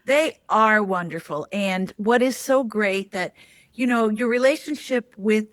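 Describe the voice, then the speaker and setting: A woman guest telling a family story with lively, laughing delivery on a podcast. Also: mid-range voice, a little slow, dry recording, clean studio sound. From Chicago. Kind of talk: animated anecdote telling.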